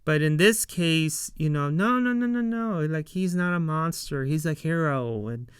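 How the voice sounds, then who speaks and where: A man talks through an episode recap in an unhurried, rambling way, leaning on fillers as he retells each scene. His voice sits a bit high and comes across very smooth and clear. The sound is dry and close, with no room around it. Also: no room sound. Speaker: show reviewer. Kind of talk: casual recap and commentary.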